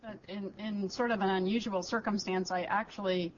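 A woman's voice: mid-range voice, fairly even intonation, normal speed. Female panelist, polite, conciliatory, lo-fi conference sound, faint hiss. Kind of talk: panel discussion. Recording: dull lo-fi conference recording, faint noise.

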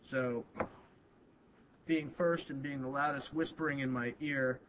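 A man's voice: medium pitch, unhurried. Male moderator, easygoing, dull lo-fi conference sound, faint hiss. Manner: relaxed, informal. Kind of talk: moderating a panel.

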